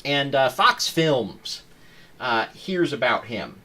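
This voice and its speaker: A man hosting a live-streamed podcast, talking casually in a halting, rambling way with lots of fillers. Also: mid-range voice, very animated, sharp tone. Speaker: podcast host.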